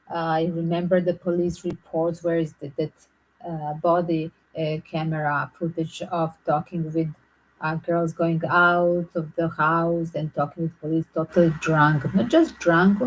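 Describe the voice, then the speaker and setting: Woman host rambling thru crime theories, slow and halting, kinda low voice. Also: poor audio. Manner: halting, repeats and restarts phrases. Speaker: channel host. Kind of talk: speculative true-crime commentary.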